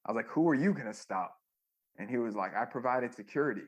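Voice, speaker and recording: A man's voice: mid-range voice, expressive, fast, slightly rough. A man, a former music manager, telling rambling stories with many fillers in a casual interview.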